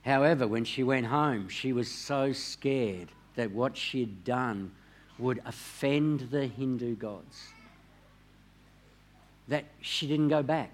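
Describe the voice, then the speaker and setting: Slow, measured male preacher. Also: mid-range voice. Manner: slow and measured, voice dropping quiet on key words. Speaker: pastor. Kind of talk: sermon storytelling.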